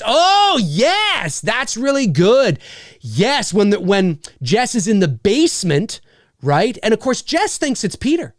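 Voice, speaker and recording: A man's voice: high-pitched, huge pitch swings, unhurried, no room sound, studio quality. A man hosting a casual live stream, rambling through viewer comments with lots of fillers and frequent laughs. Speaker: live show host.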